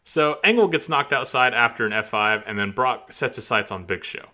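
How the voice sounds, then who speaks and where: A man's voice: medium pitch, expressive, normal speed, sharp tone. A man on a casual podcast reading a match recap play by play, often breaking into laughs.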